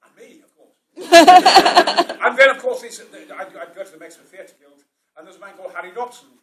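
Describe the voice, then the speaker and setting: Yorkshire man, theatrical storyteller, booming, bright forceful voice, distant mic. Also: sing-song, moderate pace. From South Yorkshire, England. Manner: booming, theatrical, swings from hush to roar. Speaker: actor. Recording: roomy sound from a distant mic.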